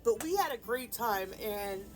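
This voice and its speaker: A nail art vlogger tells a rambling personal story casually, full of fillers and restarts, in a high-leaning, expressive voice that moves a little slowly. Later on she grows subdued and grieving. The audio quality is poor.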